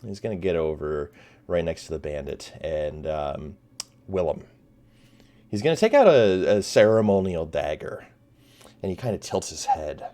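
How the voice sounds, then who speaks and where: A man's voice: low voice, big pitch swings, normal speed, mellow. A man narrating a tabletop game as game master, hesitant with many fillers.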